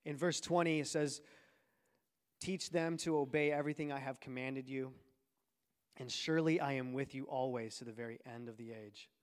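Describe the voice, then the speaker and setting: A man's voice: mid-range voice, steady tone, moderate pace. A man preaching a sermon, telling a personal story in a conversational way before building to a fervent exhortation. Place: large church hall. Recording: reverberant church hall.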